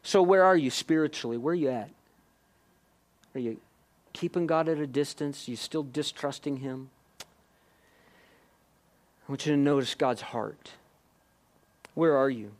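A man preaching a sermon, questioning his listeners directly and moving between hushed and emphatic delivery. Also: mid-range voice, unhurried, long pauses. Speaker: pastor.

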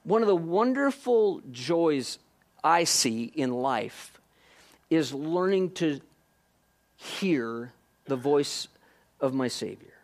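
A man delivers a sermon at an unhurried pace, his voice rising and falling with wide, lively swings in pitch. He sits a little above the usual male range and asks his listeners question after question, dropping to a hush and then pressing with emphasis. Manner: questions listeners directly, shifts from hushed to emphatic. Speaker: pastor.

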